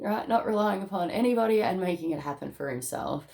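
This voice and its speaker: A woman talks through a tarot reading in a loose, chatty way, with lots of fillers and frequent laughs. Her voice sits a little low and has a gravelly, fry-laden edge. She is casual and emotional. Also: animated, brisk, hardly any pauses, a little mellow. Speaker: tarot card reader. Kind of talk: casual spiritual reading to camera.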